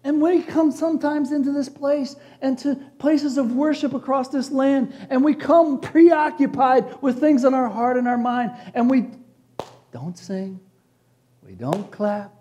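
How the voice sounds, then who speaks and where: A man from Chicago preaching a sermon to his congregation, dropping to soft, hushed passages and rising to loud, exclaiming peaks. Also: very high-pitched, a little slow. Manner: preacherly, addresses congregation as church. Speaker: pastor.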